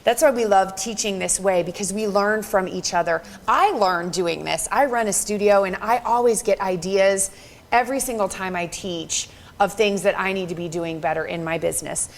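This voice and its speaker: A woman's voice: medium pitch, normal speed, slight background noise. A woman in her thirties presenting a live business workshop, bubbly and encouraging, laughing often. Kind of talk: upbeat live workshop talk.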